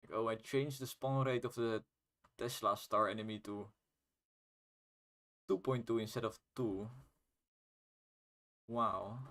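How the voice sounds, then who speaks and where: A young man, an indie game developer who isn't a native English speaker, streams himself playtesting his own game, rambling casually and swearing now and then. His voice is lowish and a bit bright, steady in tone and slow, with frequent pauses.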